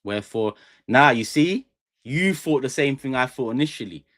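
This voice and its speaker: A man's voice: medium pitch, lively intonation, moderate pace, fairly bright tone, no room sound, studio quality. A young man hosting a fan channel live stream, chatting to viewers in a rambling, jokey way. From England. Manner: rambling, jokey, talks straight to chat. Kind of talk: casual live stream chat. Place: small studio room.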